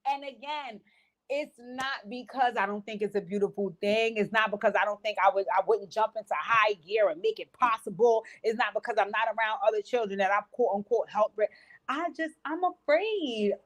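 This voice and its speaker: A woman in her forties with a medium-pitched voice hosts a casual livestream gossip chat at a moderate pace. She tells stories packed with profanity and acts out the quotes.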